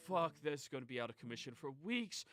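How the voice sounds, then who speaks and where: Weary, panicking male miners from a tabletop game, as a man puts them on. They fret in fast, worried bursts, in a voice that jumps lively up and down. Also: fairly high pitch, faint music behind. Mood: panicked. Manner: fast, fretful.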